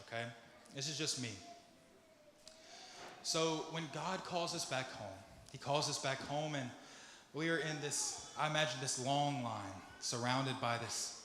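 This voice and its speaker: A man preaching a sermon, moving from soft, low musing to loud, pleading questions. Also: a little hiss or hum. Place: church sanctuary. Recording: echoey church hall with music behind. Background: instrumental music.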